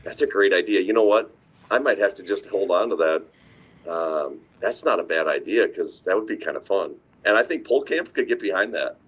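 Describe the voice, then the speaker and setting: A man in casual sports chat, easygoing and rambling, laughing often. His voice sits low with a husky edge. He talks like a coach among friends on a live stream. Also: expressive, fairly quick, fairly bright tone, lo-fi sound. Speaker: coach and podcast co-host.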